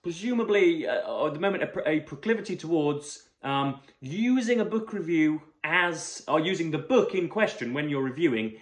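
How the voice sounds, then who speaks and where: A man reviewing a magazine for his book channel, talking in a halting, wordy way with many fillers and restarts. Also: fairly high pitch, expressive. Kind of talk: casual book review vlog. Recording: roomy echo.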